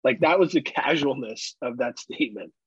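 A man in his thirties co-hosting a casual podcast, animated, laughing often and swearing freely. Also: medium pitch, normal speed, breathy edge, no room sound. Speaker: podcast co-host. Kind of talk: casual chat. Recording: dull, muffled close mic.

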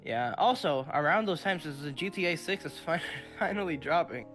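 A young podcast co-host chatting casually, excitable and quick to laugh. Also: medium pitch, soft background music. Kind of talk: casual chat.

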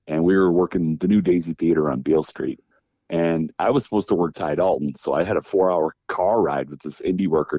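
Man from wisconsin, very low voice, warm and mellow, animated storyteller, dry close sound. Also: no echo. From Wisconsin, USA. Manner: animated storyteller, acts out quoted voices, laughs often. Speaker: guest, former pro wrestler. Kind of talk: casual storytelling interview.

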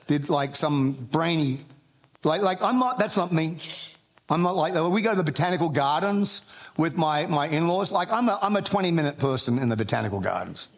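A man's voice: a little high, expressive, fairly quick. A man preaching a sermon as pastor, telling jokey family stories with frequent restarts and building emphasis when quoting scripture. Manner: humorous storytelling with frequent restarts.

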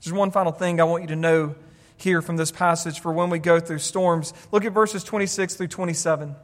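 High-voiced pastor preaching with emphasis. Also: male voice, fairly even intonation, a little fast. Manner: emphatic, repeats words for effect, addresses listeners directly. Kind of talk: sermon. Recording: long reverb of a large hall.

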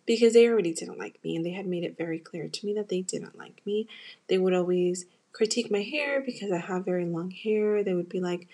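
A young American woman hosts a podcast, telling a personal story candidly and emotionally in a casual, confessional way while speaking directly to her listeners. Her voice is lowish and mellow, and she talks a little fast.

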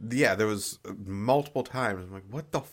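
A young man co-hosting a casual podcast, relaxed and swearing, often trailing off mid-sentence. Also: lowish voice, normal speed. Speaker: podcast co-host. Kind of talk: casual banter.

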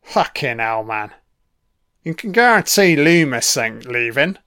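A man's voice: mid-range voice, sing-song, measured pace, bright, forceful tone, clear, resonant tone, no room sound, clean studio sound. A man giving casual, sweary film commentary, sardonic and mocking.

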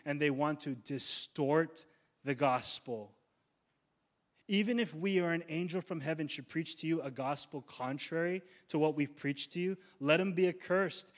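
A young man preaching a sermon as pastor, in a casual slangy way that builds to emphatic declarations. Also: a little high.

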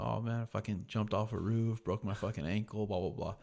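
Laid-back low-voiced guy. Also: steady tone, fairly quick, gravelly, a little mellow. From United States. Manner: laid-back, profane, peppered with "like". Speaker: podcast host. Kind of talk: casual storytelling.

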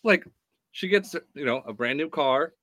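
A man's voice: mid-range voice, animated, normal speed, a bit bright, no room sound. A man co-hosting a podcast, casually bringing up the news and the sponsor spot. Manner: casual, reads sponsor spots. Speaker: podcast co-host. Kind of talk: casual chat.

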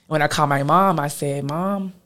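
A woman, a guest telling a personal story in an animated way, acting out what others said. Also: deep voice, moderate pace. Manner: animated, quotes others with lively voices.

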